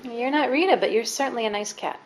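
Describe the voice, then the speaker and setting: A woman's voice: fairly high pitch, fast talker, slight background noise, low-quality recording. A woman filming her young son at home, narrating and coaxing him and a cat in a sing-song voice. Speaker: mother filming her child. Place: at home with a couch.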